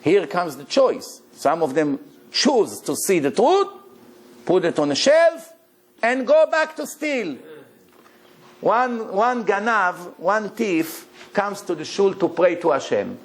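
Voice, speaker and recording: Speaking slowly, a rabbi with a slightly high voice for a man delivers a Torah lecture. He tells lively stories and keeps throwing rhetorical questions at his listeners, and his English carries the grammar of a non-native speaker.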